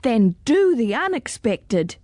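A woman's voice: fairly high pitch, sing-song, takes it slowly, dark tone, no echo, clean studio sound, exaggerated voice. A woman reading a storybook aloud, voicing a brave young girl who wants to be a knight, firm and stern.

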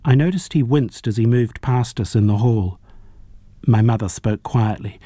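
A man narrating a novel as an audiobook reader, in a measured, even storytelling manner. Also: mid-range voice, no room sound. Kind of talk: audiobook reading.

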